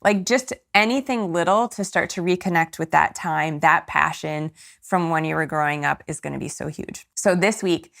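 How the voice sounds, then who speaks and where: Earnest woman with a gravelly voice. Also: low voice, moderate pace, a bit bright. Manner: earnest, encouraging, gets teary. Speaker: podcast host and coach. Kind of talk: casual solo podcast talk.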